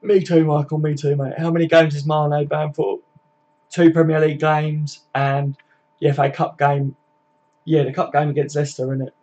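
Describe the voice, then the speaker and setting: A man's voice: fairly high pitch, little pitch movement, moderate pace, darkish tone, lo-fi sound. A young man hosting a live stream, chatting casually, reading out viewers' comments, swearing freely and tagging questions onto his sentences.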